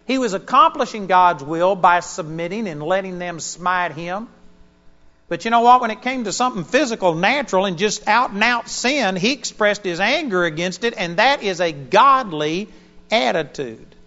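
A male pastor preaching a sermon, an animated storyteller with sudden loud bursts. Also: high-pitched, normal speed, lo-fi sound.

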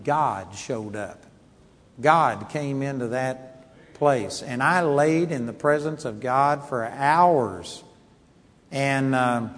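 A man preaching a sermon, telling his own story earnestly and reading scripture with rising emphasis. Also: mid-range voice. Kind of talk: sermon testimony. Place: church hall. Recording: long hall reverb.

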